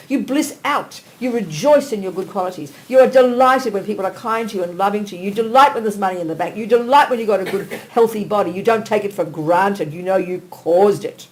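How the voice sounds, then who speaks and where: Older woman, Buddhist teacher, emphatic, blunt, conversational, mid-pitched voice. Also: lively intonation, brisk, hardly any pauses, poor audio. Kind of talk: dharma teaching talk. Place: teaching hall.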